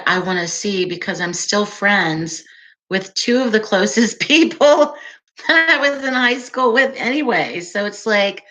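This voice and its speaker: A woman hosting a casual livestream, chatting with viewers in a soft, calming voice and an unhurried, giggly way. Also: medium pitch. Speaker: livestream host.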